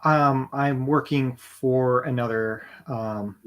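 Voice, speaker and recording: Deadpan man co-hosting. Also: medium pitch. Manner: dry, deadpan, measured. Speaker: podcast co-host. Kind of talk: casual chat.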